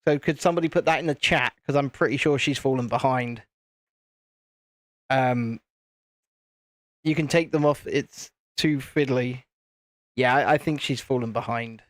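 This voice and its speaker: A man's voice: medium pitch, moderate pace, pauses often, no echo, clean studio sound. A British man casually chatting and rambling with jokes while hosting a live building stream. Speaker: livestream host.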